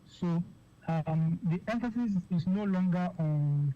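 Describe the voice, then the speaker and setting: A physician with a Nigerian English accent, a guest on a radio interview, explaining slowly with many fillers, okays and repeated words. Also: medium pitch, mellow. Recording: dull lo-fi radio sound with faint noise.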